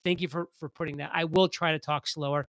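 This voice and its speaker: A man hosting a casual live stream, talking fast and excitedly as he reads viewer comments aloud. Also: a little high, no room sound, low-quality recording.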